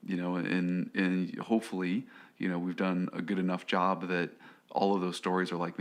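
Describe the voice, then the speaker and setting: A man's voice: low voice, little pitch movement, normal speed. A man co-hosting a podcast, rambling in casual chat, full of "you know" and restarts.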